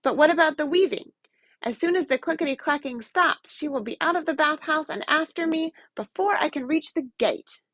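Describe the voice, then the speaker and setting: A brave little storybook girl, hurried and worried, as a woman reads her lines. The voice is bright and high, recorded close and dry. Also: animated, no echo. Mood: anxious.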